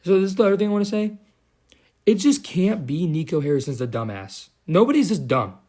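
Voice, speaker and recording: A man's voice: high voice, expressive, brisk, warm tone. Heated, profane young man ranting. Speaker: commentary vlogger. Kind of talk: ranting commentary.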